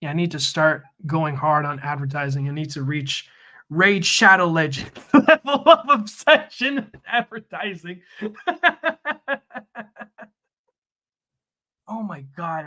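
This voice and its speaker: A young man chats casually with his stream audience while he works, laid-back and quick to laugh, tossing in "dude" and "man". His voice sits a bit high for a man and has a bright, forward edge. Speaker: streamer coloring a comic live. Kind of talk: casual live-stream chat.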